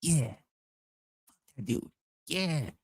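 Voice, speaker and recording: A man putting on the voice of a crude online troll who goads others into a fight, rough and profane. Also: on the high side, lively intonation, very slow, dry recording, studio quality, pitched above the performer's own voice, exaggerated voice. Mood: goading.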